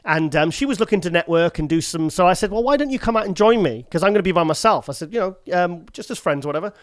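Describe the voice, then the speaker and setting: British guy spinning a long anecdote, fairly high voice, dry close sound. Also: fast talker, dry recording. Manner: rambling, animated, acts out the quoted lines. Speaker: guest. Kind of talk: casual storytelling.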